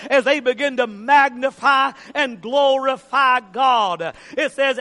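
A pastor preaching an emphatic sermon in a church and calling on the congregation to repeat after him. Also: male voice, very high voice, sharp tone, long reverb tail. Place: church sanctuary.

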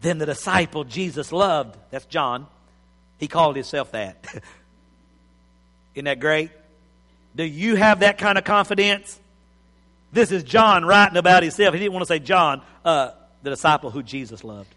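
A man's voice: fairly high pitch, measured pace, pauses often, sharp tone, in a large hall. A male pastor preaching a sermon, telling the story with acted-out voices and chuckles. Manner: storytelling, acts out scenes, chuckles.

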